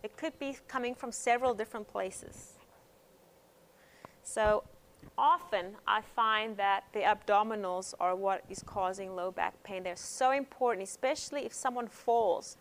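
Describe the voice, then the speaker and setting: A woman teaching hands-on pain management in a gentle, conversational way, telling stories from her practice. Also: medium pitch, unhurried. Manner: gentle, conversational, frequent um fillers. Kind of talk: instructional talk with personal stories.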